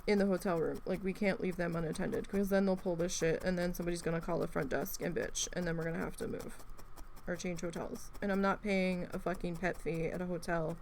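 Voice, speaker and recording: A woman's voice: fairly low pitch, fairly even intonation, fairly quick, gravelly, darkish tone, slight background noise. A woman chatting casually at home while needle felting, rambling through stories, swearing freely, and acting out her own reactions. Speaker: crafting video host. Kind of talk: casual chat while crafting.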